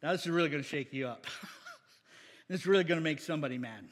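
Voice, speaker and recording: A man preaching a sermon to a congregation, teaching from slides with quick jokes and asides. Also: on the high side, big-room sound. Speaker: pastor.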